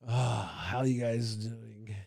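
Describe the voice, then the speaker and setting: Drunk rambling man with a gravelly voice. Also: lowish voice, takes it slowly, a little mellow, no room sound, clean studio sound. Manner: crude, rambling, mock-insulting. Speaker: streamer host. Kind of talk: drunk casual livestream chat.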